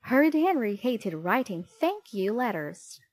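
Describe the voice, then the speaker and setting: A woman reading a children's storybook aloud in an expressive, clear way. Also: on the high side, a little slow, slight background noise. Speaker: storybook reader. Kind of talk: children's book read-aloud.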